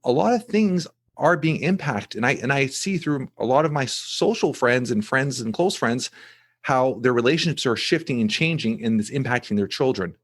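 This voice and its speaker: A middle-aged male podcast host talking in a casual, animated way. His voice sits in a middle pitch, and he jumps between rushed bursts and slow, stressed words. He stumbles and repeats himself as he tells a story.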